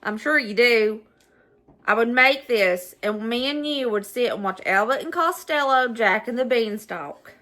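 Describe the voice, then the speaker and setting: A woman's voice: a little high, animated, unhurried, bright, forceful tone. A middle-aged woman with a Southern US accent, chatting nostalgically through a casual home cooking vlog and laughing often. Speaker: cooking vlogger.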